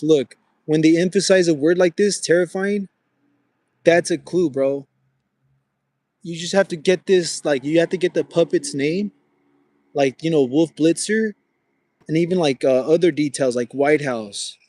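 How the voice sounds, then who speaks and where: A man's voice: a little high, a little slow, a little mellow, no room sound. Young man on a casual walking livestream. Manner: talks to chat viewers, says bro often; walking with a gimbal. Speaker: livestream host.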